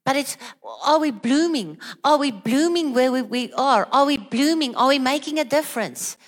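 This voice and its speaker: A woman's voice: high-pitched, moderate pace, in a large hall. A woman preaching a sermon, earnest and questioning, with many repeated rhetorical questions.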